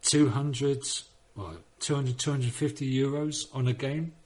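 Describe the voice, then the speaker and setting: A man talking on a gaming podcast in loose, casual banter. His voice sits at an ordinary middle pitch, and he rambles, swears freely and tells quick jokey stories. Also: fairly even intonation, a little mellow. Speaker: podcast panelist.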